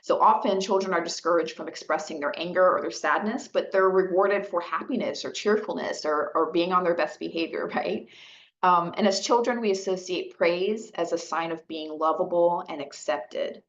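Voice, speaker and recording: Low-voiced woman giving a gentle talk, dull audio. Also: moderate pace. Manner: gentle, conversational, frequent "right?" and "okay?" checks. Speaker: caregiver outreach specialist. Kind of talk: educational webinar talk.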